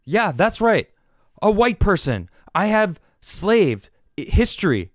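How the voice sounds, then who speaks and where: A man hosting his own political podcast, ranting in an exasperated, animated way and often restarting his sentences. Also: high-pitched, takes it slowly, no room sound, clean studio sound. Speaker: podcast host.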